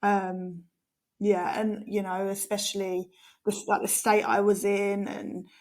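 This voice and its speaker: A woman's voice: medium pitch, flat delivery, a little slow, darkish tone. Woman, co-host, earnest chatty talk full of "like". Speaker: podcast co-host. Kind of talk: casual chat.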